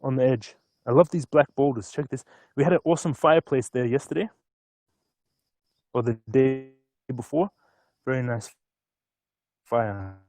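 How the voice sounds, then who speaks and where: A man chatting casually on a live stream from an outdoor hilltop, easygoing and often excited. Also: medium pitch, normal speed, pauses often, dry recording. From Australia. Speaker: stock market vlogger.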